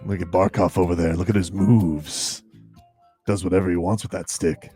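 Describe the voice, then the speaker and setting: A man hosting morning sports radio, joking and playful with loud outbursts. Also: sits low, fairly even intonation, normal speed, soft background music.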